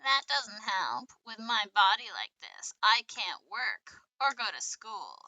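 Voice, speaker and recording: A woman's voice: fairly high pitch, big pitch swings, takes it slowly, bright, forceful tone, dry recording, full character voice, rough recording. A woman voicing a frail, lonely young male bird who talks in a gloomy, self-doubting way. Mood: glum.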